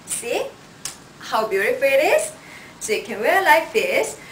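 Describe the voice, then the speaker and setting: Slow-talking woman stylist. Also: high-pitched, big pitch swings, a bit bright, a little hiss or hum. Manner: unhurried, shows each item with "like this". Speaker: fashion stylist presenting clothes. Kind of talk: product styling demo. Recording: roomy sound from a distance.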